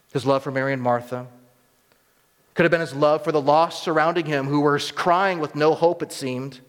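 A male preacher giving an expository sermon, teaching with emphatic rises and quiet asides. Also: mid-range voice. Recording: long hall reverb.

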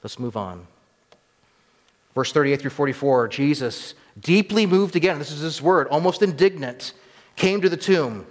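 A man's voice: fairly high pitch, animated, normal speed. Man preaching in a reverberant hall. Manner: teaching, rising to emphatic peaks and dropping to quiet asides. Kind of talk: expository sermon.

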